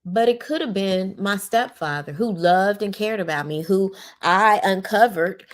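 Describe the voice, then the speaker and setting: A middle-aged woman hosting a podcast, speaking slowly and reflectively with many pauses, and at times tearful. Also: medium pitch. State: tearful at moments. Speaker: podcast host. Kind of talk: personal monologue.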